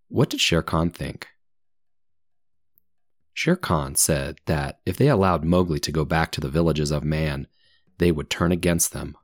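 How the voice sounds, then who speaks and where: A man reading a story aloud for English learners, slowly and clearly, with comprehension questions and answers in between. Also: a bass voice, animated, no room sound, clean studio sound. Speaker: English teacher.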